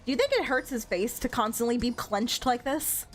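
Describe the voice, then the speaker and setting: A young woman with a slightly high voice streams a game and chats excitedly. She gushes and giggles her way through casual commentary. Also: moderate pace.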